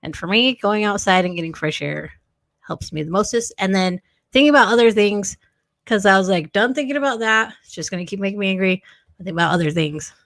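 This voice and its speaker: A woman's voice: mid-range voice, fairly quick, fairly bright tone. Lady co-hosting a live stream, easygoing chatty talk, mid-range voice. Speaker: co-host. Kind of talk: casual live-stream chat.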